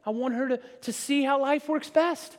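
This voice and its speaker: A middle-aged man preaching a sermon in a conversational style, dropping to a hush and then building loud, with teasing asides to the congregation. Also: extremely high pitch, fairly even intonation, moderate pace. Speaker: pastor. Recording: long hall reverb.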